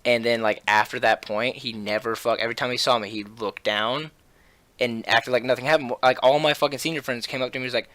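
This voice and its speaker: A man's voice: medium pitch, fast talker, no echo. A young man telling a school fight story on a casual podcast, full of swearing, fillers and restarts. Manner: animated, profane, with many fillers and restarts. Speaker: podcast host.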